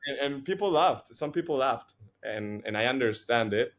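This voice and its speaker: A man's voice: mid-range voice, lively intonation, moderate pace, a bit bright. A man from Chile with a Chilean accent, Spanish his first language, co-hosting a casual podcast chat and telling stories earnestly, with frequent restarts. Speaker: podcast co-host.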